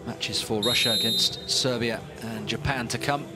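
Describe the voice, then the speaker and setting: A man's voice: medium pitch, moderate pace, over loud music. A man giving live play-by-play commentary on a volleyball match, lifting his voice on big points. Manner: animated, rising with big points. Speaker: sports commentator.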